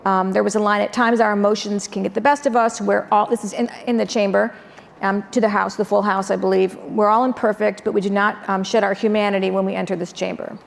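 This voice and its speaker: A woman's voice: medium pitch, steady tone, quick pace, gravelly. A woman moderating a panel discussion, asking long, meandering questions with many ums. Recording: long hall reverb with faint noise.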